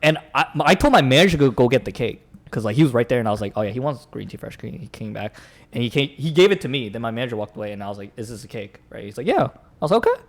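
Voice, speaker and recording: Lively, fast-talking young man telling a story. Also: mid-range voice. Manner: animated storyteller, acts out customers and managers, laughs often. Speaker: podcast co-host. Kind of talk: casual chat, telling a work story.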